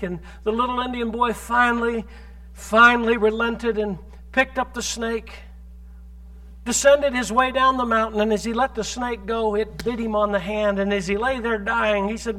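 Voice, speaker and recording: A male pastor preaching a sermon in church, quoting scripture rapidly and asking the congregation rhetorical questions. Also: very high-pitched, steady tone, pushed and bright.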